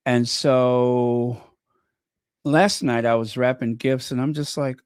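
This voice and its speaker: A man's voice: medium pitch, steady tone, slow pace, a little mellow, smooth, dry recording. A man hosting a casual livestream, chatting in a rambling way with many fillers and restarts, close to the mic. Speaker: channel host.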